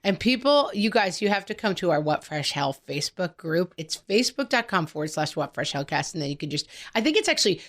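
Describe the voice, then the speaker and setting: A woman in her forties co-hosting a podcast in casual chat, telling stories with lively acted-out quotes. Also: on the low side, a little fast, few pauses. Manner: animated storytelling, quoting family in character. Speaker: podcast co-host.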